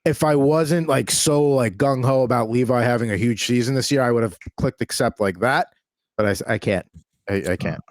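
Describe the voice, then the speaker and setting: A man's voice: mid-range voice, normal speed, no room sound. A man hosting a casual sports podcast, talking in an upbeat, rambling way with many restarts. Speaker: podcast host.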